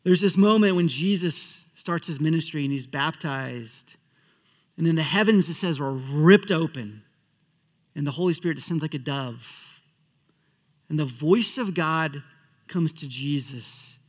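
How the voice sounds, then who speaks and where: A man preaching a sermon as a pastor, earnest, often dropping to a soft hush at the ends of phrases. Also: a little high, expressive, measured pace, long pauses, long reverb tail.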